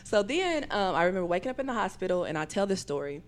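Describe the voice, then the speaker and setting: A woman telling a long personal story as a podcast guest, rambling with fillers and acting out other people's voices with big jumps in pitch. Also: very animated, fast. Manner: talks in rambling runs with many fillers.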